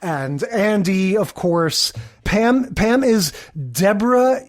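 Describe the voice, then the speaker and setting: A man's voice: high voice, slow pace. A man co-hosting a podcast, casually recapping a sitcom episode and retelling scenes with quoted lines. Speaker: podcast co-host. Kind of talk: casual chat.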